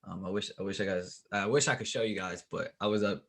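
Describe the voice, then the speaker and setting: Relaxed and a bit weary, this man hosts a podcast at a quick pace, his voice fairly low. He keeps repeating words and laughs a lot as he talks casually.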